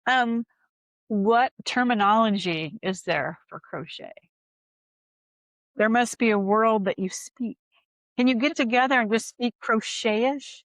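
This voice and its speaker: A woman's voice: fairly high pitch, a little slow, no echo. A woman hosting a podcast, asking curious, playful questions and laughing along with her guest. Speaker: podcast host. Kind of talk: casual interview chat.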